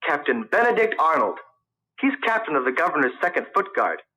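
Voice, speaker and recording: A man's voice: a little high, very animated, brisk, bright, forceful tone, low-quality recording. A man voicing an eager, nervous young student. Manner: eager, defensive.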